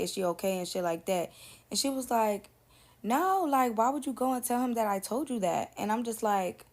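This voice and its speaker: A young adult woman telling a storytime vlog in a casual, sassy, profane way, acting out what people said. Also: mid-range voice. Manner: animated, profane, sassy, acts out quotes.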